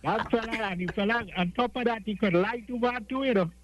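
A man calling in to a radio show, halting and stammering, then cracking a political joke. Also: very high-pitched. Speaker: caller. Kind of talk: phone-in call. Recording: muffled phone-in line.

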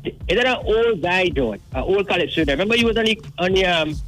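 A man's voice: high voice, expressive, fast talker, a bit bright, poor audio. A man from Trinidad with a Trinidadian accent, calling in to tell jokes, chatty and rambling, laughing at his own punchlines. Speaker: caller. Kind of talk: phone-in joke telling.

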